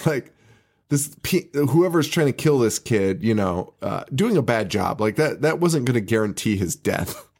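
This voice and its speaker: A man's voice: mid-range voice, animated, measured pace, vocal fry, a little mellow. Laughing, swearing podcast co-host man. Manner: laughs often, swears, restarts sentences. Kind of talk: casual chat recapping a movie.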